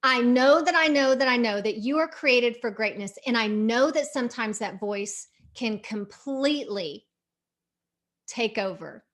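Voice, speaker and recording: A woman's voice: on the high side, animated, a little slow, fairly bright tone. A middle-aged woman hosting a podcast, coaching listeners through a motivational visualization and repeating her phrases for emphasis. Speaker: podcast host.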